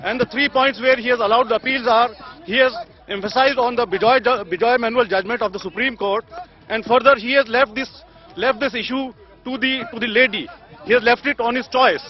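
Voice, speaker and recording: A man, a lawyer, giving a halting, repetitive statement to the press outdoors. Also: very high-pitched. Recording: dull lo-fi audio, faint crowd.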